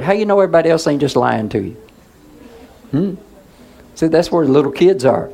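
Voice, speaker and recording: A man's voice: a little high, very animated, moderate pace, gravelly, long pauses, warm tone. A male pastor preaching in a conversational way, asking the congregation questions and waiting for answers. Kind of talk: sermon.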